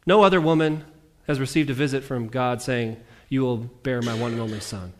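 A man preaching a sermon as pastor, animated, with jokey asides and voices he mimics. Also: mid-range voice, fairly quick, slight background noise.

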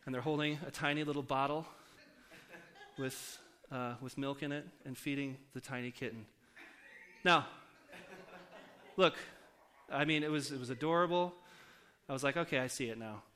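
A man's voice: mid-range voice, normal speed, pauses often, fairly bright tone. A pastor preaching a casual, story-driven sermon to his congregation, often asking the audience questions. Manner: conversational, asks the audience questions.

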